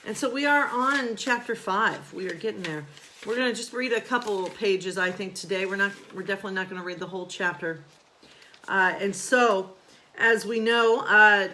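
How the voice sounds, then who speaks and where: A woman's voice: medium pitch, bright, forceful tone. Woman reading aloud, conversational. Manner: conversational, with small restarts while reading. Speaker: pastor. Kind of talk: reading aloud in a daily video.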